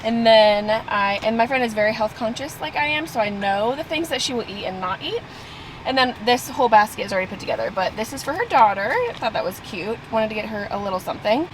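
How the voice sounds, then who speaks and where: A woman's voice: a little high, expressive, fast, a little hiss or hum. A young woman vlogging with casual, upbeat chatter, full of "like" and "you know.". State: out of breath. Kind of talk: casual vlog chat.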